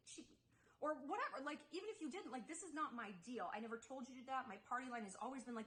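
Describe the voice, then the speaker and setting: A young woman with a fairly high voice talks straight to her viewers in a confessional vlog. She rambles, circles back, and fills her sentences with "like" while she defends herself. A faint hiss sits under the recording. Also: expressive, quick pace, a bit bright, rough recording. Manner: rambling, heavy with "like" and restarts; upset, defensive storytelling. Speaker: YouTuber.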